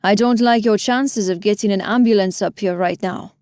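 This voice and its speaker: A woman voicing a cheerful, friendly man with a gentle lilt in his speech, in an audiobook. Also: medium pitch, normal speed, dry recording, studio quality, natural voice. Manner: warm, sing-songy and gentle.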